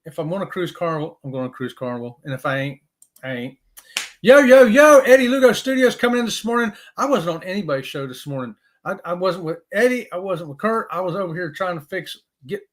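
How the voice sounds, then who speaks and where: A man hosting a live stream in casual chat, folksy and excitable, often saying y'all. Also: a little high.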